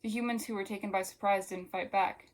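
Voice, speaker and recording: A woman reading aloud as a gentle alien woman inside a human body, talking calmly and wistfully. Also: medium pitch, brisk, natural voice.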